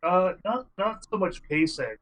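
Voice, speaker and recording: A man tabletop player giving halting, casual feedback after a game session. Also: high voice, lively intonation, a bit bright, rough recording.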